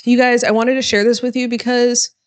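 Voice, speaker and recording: A woman's voice: a little high, little pitch movement, fairly quick, smooth. A woman lawyer giving reaction commentary on a true crime interview, blunt, sarcastic and emphatic.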